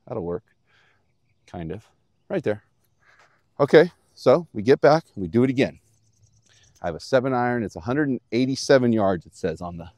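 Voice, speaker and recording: Out on the course, a golf instructor with a fairly low voice walks the viewer through a lesson, keeping it simple in an upbeat, plain-spoken way. The sound is close and dry with little room in it and no echo, and his voice is a little mellow.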